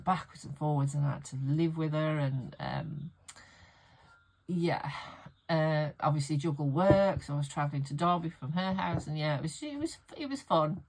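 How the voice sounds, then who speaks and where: A middle-aged woman talks in a relaxed, rambling way, laughing often. Her voice sits low for a woman. She is recording in her home art studio. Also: low-quality recording. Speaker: art vlogger. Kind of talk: casual chat.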